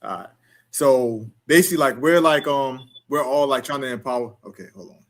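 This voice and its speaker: A man's voice: mid-range voice, fairly bright tone. Guy hosting a podcast, hesitant, keeps saying like and um. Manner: halting, hesitant questions. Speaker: podcast host. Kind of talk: casual group chat.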